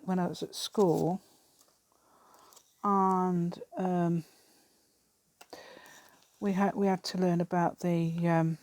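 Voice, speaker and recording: A woman's voice: lowish voice, little pitch movement, takes it slowly, long pauses, a little mellow, no room sound. A middle-aged English woman chatting in a rambling way while she works on a craft project, laughing often. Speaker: craft vlogger. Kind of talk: casual chat while crafting.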